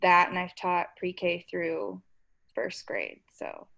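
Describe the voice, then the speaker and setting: A woman's voice: lowish voice, big pitch swings, takes it slowly, creaky, a bit bright. A woman guest who is an early childhood teacher, speaking modestly over a video call.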